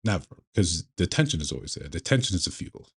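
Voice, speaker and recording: A man commenting on a video clip in a measured, lecturing way, often restarting his sentences. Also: low voice, sing-song, creaky, breathy edge. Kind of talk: casual commentary.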